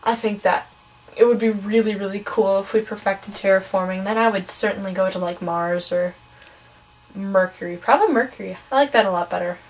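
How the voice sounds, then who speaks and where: A woman's voice: mid-range voice, fairly even intonation, brisk, low-quality recording. Teenage girl with a Wisconsin accent. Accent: Wisconsin, Midwestern American. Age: teens. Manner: chatty, opinionated, many ums and sos. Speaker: vlogger. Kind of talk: casual ranting vlog.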